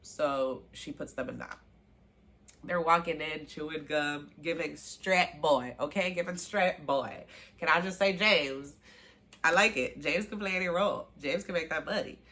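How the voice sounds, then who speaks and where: With a deep voice and a moderate pace, a show recap vlogger covers a TV season. She keeps it casual and animated, reenacting the characters' lines and swooning over her favorite scenes.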